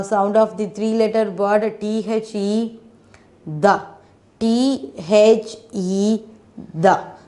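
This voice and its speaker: A woman teaching phonics to children at an unhurried pace. She sounds out each letter slowly and patiently, and keeps asking the children questions to check they follow. Her voice sits at a middle pitch. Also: mellow. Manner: frequent "isn't it?" and "okay" checks.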